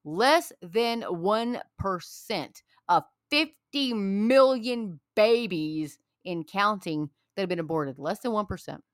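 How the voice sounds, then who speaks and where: A woman's voice: mid-range voice, expressive, takes it slowly, hardly any pauses, no room sound, studio quality. A woman giving a heated, preachy rant to her viewers. She repeats her points over and over and speaks in an angry tone.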